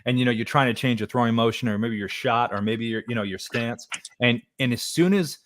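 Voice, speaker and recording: A male podcast host talks quickly and eagerly, bouncing ideas back at his guest. His voice is close and dry, with no room sound around it. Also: medium pitch, fairly bright tone, no echo. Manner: enthusiastic, quick back-and-forth. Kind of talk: casual interview chat.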